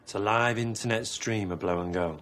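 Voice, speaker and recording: An actor playing a prim, excitable male salon partner who is quick to exclaim. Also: lowish voice, lightly acted. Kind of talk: sitcom acting.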